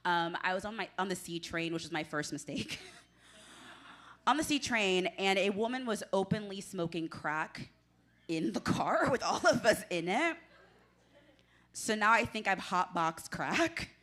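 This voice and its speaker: A woman's voice: medium pitch, expressive, a little slow, fairly bright tone. A young woman from Washington, D.C. doing a stand-up comedy set, chatty and self-deprecating, laughing between her jokes. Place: small club stage with audience.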